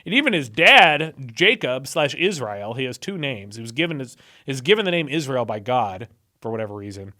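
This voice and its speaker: A man's voice: medium pitch, sing-song, normal speed, sharp tone. A young man hosting a video, casually retelling Bible stories with irreverent, sarcastic asides. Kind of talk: casual commentary.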